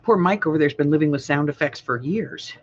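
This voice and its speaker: A woman's voice: deep voice, brisk, slightly rough, highs cut off. A woman hosting a casual live craft class, playful and joking, laughing often. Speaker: crafting livestream host.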